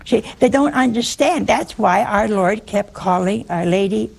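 A woman preaching to a live audience in a humorous, teasing, conversational way. She speaks slowly, and her voice is gravelly and somewhat husky. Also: mid-range voice.

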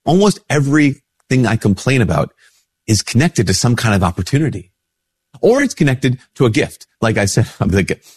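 With big pitch swings, a moderate pace, and a breathy edge, a Catholic priest talks through a casual reflection while somewhat sick, his nose stuffy. He's conversational and voices quoted replies in a raised pitch. Recorded dry, in clean studio sound.

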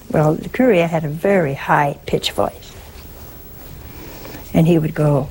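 A woman giving a sermon in a deliberate way, asking frequent rhetorical questions. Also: deep voice, darkish tone, a little hiss or hum. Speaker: religious teacher.

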